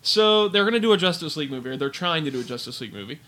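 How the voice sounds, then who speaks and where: A man's voice: fairly high pitch, rapid-fire. A man co-hosting a podcast, chatting casually and ranting with lots of fillers. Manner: ranting, animated, filler-heavy. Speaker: podcast co-host. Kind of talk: casual chat.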